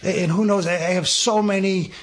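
A man's voice: high voice, steady tone, brisk, slight background noise. A man, a guest telling a personal story with lots of energy, stammering restarts and acted-out dialogue. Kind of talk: animated storytelling.

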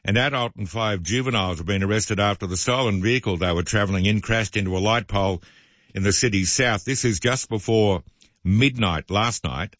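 Man, talk radio host, low voice, sardonic asides, dry dull studio sound. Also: a little fast, a bit bright, dry recording. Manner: opinionated, sardonic asides while reading news.

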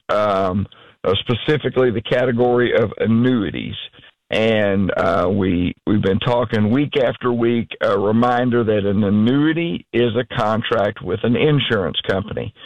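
A man who is a regular financial advisor on a radio call-in show, explaining annuities in an affable, steady way with many fillers. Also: medium pitch, dry recording, lo-fi sound.

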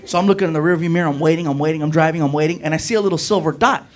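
A man's voice: a little high, racing. A young man doing stand-up, telling a story and acting out his friends and a cop in raised voices. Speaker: stand-up comedian. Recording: noisy live club recording.

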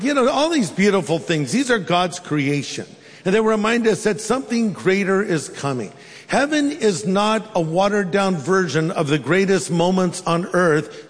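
A man's voice: sits high, in a large hall. A man preaching a sermon as pastor, telling stories with humorous asides.

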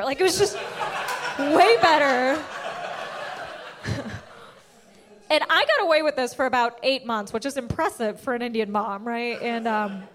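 A young woman doing stand-up with a high, bright-toned voice. She tells her story in an animated way and acts out her parents' lines as she goes. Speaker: stand-up comedian. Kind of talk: stand-up set.

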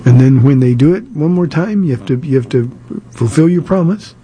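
Older man, pastor, radio Q&A, husky, dark tone, halting fillers. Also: on the high side, lively intonation. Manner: plainspoken, frequent "uh" and repeated words. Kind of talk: radio Q&A sermon.

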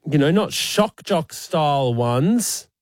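A man, co-hosting casual banter, animated and quick to laugh. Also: on the high side, dry recording. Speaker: radio co-host.

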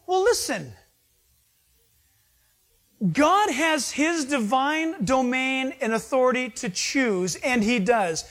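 Slow high-voiced male preacher. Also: lively intonation, a bit bright. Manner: conversational preaching with asides and rhetorical questions. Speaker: pastor. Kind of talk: sermon.

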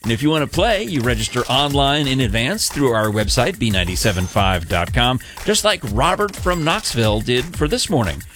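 A man's voice: medium pitch, expressive, fairly quick, hardly any pauses, a bit bright, faint music behind. A man hosting a radio morning show, reading an upbeat, jokey promo. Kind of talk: promo announcement.

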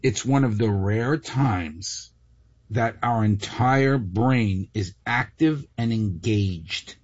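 A hoarse man co-hosting a casual trivia show, jokey and explanatory. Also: on the low side, takes it slowly, darkish tone, dry recording. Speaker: co-host. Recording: dull dry studio sound.

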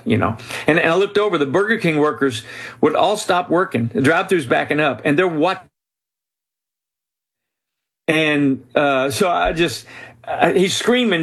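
A man, a guest author, telling a personal story in a podcast interview, acting out the voices of the people in it. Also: a little high. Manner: animated storyteller who voices quoted people.

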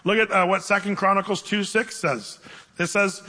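A man preaching a conversational sermon, teaching the Bible to his congregation and slowing down to read scripture aloud. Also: high-pitched, steady tone, sharp tone. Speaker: pastor. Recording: reverberant hall.

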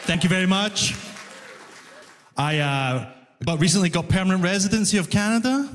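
A man with a Glasgow Scottish accent doing an animated stand-up comedy set on stage, with the audience laughing along. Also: high-pitched, moderate pace, background noise. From Scotland. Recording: live stage in a reverberant hall.

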